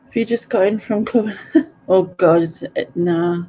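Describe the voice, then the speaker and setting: A woman's voice: medium pitch, normal speed, warm tone. A middle-aged woman, chatting casually on a live stream and answering viewer comments, giggling often and tripping over place names. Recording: dull lo-fi audio.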